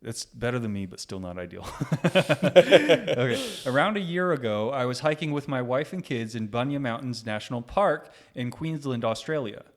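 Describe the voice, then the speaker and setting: A man's voice: mid-range voice, lively intonation, brisk, hardly any pauses. Laid-back man reading posts aloud. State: sleep-deprived. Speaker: co-host. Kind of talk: casual chat reacting to online posts.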